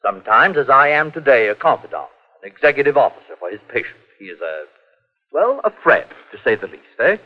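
In muffled 1940s radio acting, a man plays a pompous, fussy physician who talks at length, hemming with uhs and coughs. His mid-range voice is very animated and brisk.

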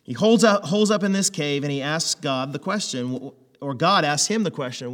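A man preaching a conversational sermon, animated and full of rhetorical questions. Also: on the high side, moderate pace, long reverb tail. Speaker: pastor.

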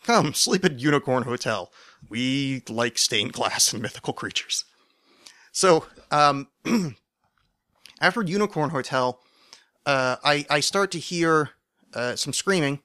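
A man hosting a podcast, telling a long story in a wry, rambling way and sometimes acting out shouted quotes. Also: medium pitch, no room sound, studio quality. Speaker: podcast host. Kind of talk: casual storytelling monologue.

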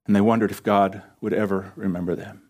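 A man's voice: lowish voice, little pitch movement, brisk, a little mellow. A man preaching an earnest sermon from a church stage, using repetition to drive his points home. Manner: earnest, builds emphasis through repetition. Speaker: pastor. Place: church stage under lights.

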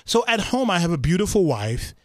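A man appearing as a guest in a casual studio chat, agreeable and playful, with quick interjections. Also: high-pitched, big pitch swings, no room sound. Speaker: guest, comedian and TV host.

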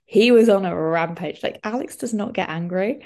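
A young woman telling a story in a casual podcast chat, animated, with lots of "like". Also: mid-range voice, normal speed. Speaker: podcast co-host.

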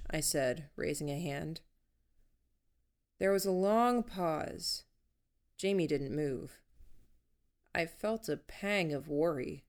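A woman reading a first-person story aloud in an even, measured storytelling manner. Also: sits low. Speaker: audiobook narrator. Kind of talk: first-person audiobook narration.

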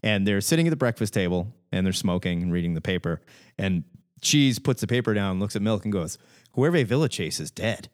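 A man's voice: fairly low pitch, brisk. A man hosting a casual comics call-in podcast, telling stories with lots of laughter. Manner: animated storyteller, laughs a lot. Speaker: podcast host. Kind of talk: casual chat.

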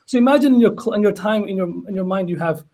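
A man speaking in a casual religious panel discussion, telling stories with lively acted-out dialogue. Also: sits high, quick pace, poor audio. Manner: animated storyteller, acts out dialogue.

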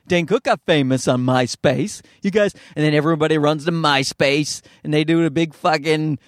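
A man's voice: on the high side, normal speed, dry recording, studio quality. A man from Newfoundland, Canada with a Newfoundland accent, a stand-up comedian rambling through a self-deprecating podcast monologue, swearing freely and mimicking people. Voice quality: nasal. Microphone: podcast microphone.

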